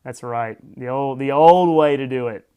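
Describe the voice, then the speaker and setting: A man's voice: medium pitch, moderate pace, warm tone, clean tone. A man hosting a live morning stream, chatting casually, greeting viewers by name and adding wry asides. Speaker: host.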